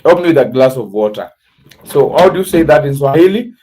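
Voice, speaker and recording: A man with an East African accent hosting a casual livestream, teaching words slowly and spelling them out letter by letter. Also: mid-range voice, animated, warm tone, slightly rough, poor audio. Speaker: livestream host.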